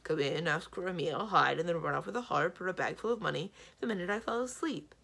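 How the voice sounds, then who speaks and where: A woman's voice: lowish voice, fast, vocal fry. A woman doing a grumbling male giant. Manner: grumbling, complaining, loud.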